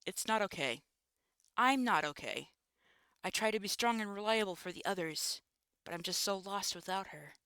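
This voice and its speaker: A streamer voicing a motherly creator lady in a visual novel, tearful and weighed down by guilt. The voice is bright and clear, recorded close and dry. The delivery is soft and shaky, sometimes dropping to a hush. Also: mid-range voice, brisk, dry recording, close to an everyday voice. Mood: distraught. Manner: soft, shaky, at times hushed. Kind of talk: reading a visual novel aloud.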